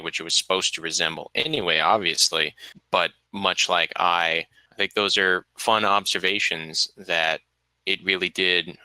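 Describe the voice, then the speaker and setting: A man on a podcast panel, speaking in a measured, encouraging way with "uh" fillers. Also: sits low, bright, forceful tone, clean tone, dry recording, low-quality recording. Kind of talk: casual podcast discussion.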